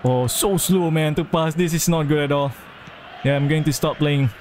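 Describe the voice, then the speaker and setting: A man's voice: fairly high pitch, moderate pace, darkish tone, a little hiss or hum. A young man giving gameplay commentary, talking himself through moves and groaning or cheering at each play. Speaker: gamer.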